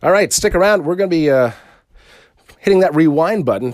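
A man's voice: a little high, animated, fairly quick, a little mellow, no room sound, studio quality. A man hosting a casual solo podcast, rambling and swearing freely, often restarting his sentences. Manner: rambling and profane, with frequent restarts. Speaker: podcast host.

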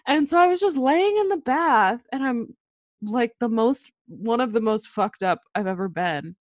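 This young woman co-hosts a laid-back podcast, telling stories packed with swearing and giggles and lowering her voice whenever she quotes someone. Her pitch is on the high side and expressive, her pace normal, with no room sound.

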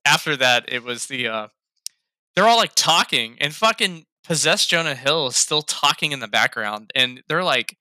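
A man's voice: a little high, lively intonation, normal speed, pushed and bright, no echo, studio quality. A man in casual chat about a film, laughing a lot, swearing freely and acting out lines he liked. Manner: laughing, profane, quotes lines in raised voices. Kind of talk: casual movie review chat.

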